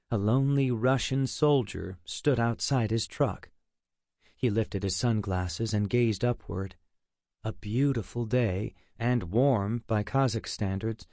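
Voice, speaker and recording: A male audiobook narrator reads in a steady, measured way, with a voice of ordinary pitch for a man. He is recorded on a close studio mic, and the sound is dry with no room echo.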